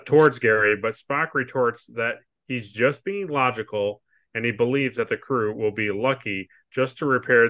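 A man's voice: medium pitch, pushed and bright. A man co-hosting a podcast, chatting casually and recapping a TV episode, laughing often and acting out characters' lines. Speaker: podcast co-host.

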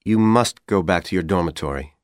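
A man reading an audiobook, voicing a handsome, scheming young college man who talks calmly and persuasively. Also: low-pitched, a little fast, no room sound, studio quality, close to an everyday voice. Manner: calm, coaxing, persuasive.

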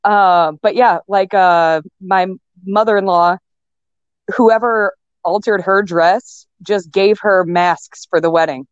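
A woman's voice: medium pitch, takes it slowly, no echo. A young woman chats casually as a guest, rambling along with fillers and false starts. Her voice sits mid-range, and the recording is dry and a little dull, like lo-fi audio. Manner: chatty, rambling with many fillers and restarts. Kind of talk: casual chat. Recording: dull lo-fi sound.

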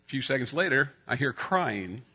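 A middle-aged man preaching a sermon, telling a personal story and getting loud when he acts out scenes. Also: mid-range voice, lively intonation, normal speed, husky, lo-fi sound.

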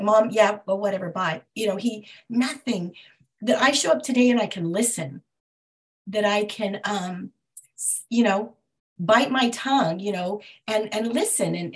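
A middle-aged woman speaks over a video call, sharing her experience at a recovery meeting. She talks haltingly, often breaking off and restarting as she searches for the right words. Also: mid-range voice.

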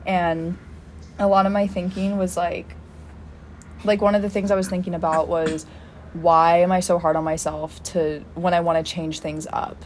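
A woman's voice: fairly low pitch, level tone, moderate pace, slight background noise. A young woman co-hosting a podcast, talking reflectively in a casual chat and filling her sentences with "like.". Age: young adult. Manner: reflective, rambling with many "like" fillers. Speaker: podcast co-host.

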